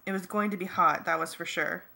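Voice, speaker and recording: Woman reading an audiobook, bright tone, steady first-person narration. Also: lowish voice, a little fast, creaky. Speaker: audiobook reader.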